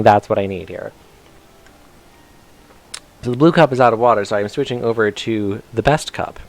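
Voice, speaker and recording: Rambling male game streamer, lowish smooth voice. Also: dry recording. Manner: rambling, chatty, with lots of fillers. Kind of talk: casual gameplay commentary.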